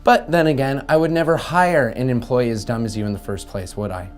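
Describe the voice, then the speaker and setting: A man playing an arrogant, creepy lawyer who mocks a shop clerk, in a gravelly, self-important voice. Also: mid-range voice, a little fast, soft background music, natural voice. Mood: sneering.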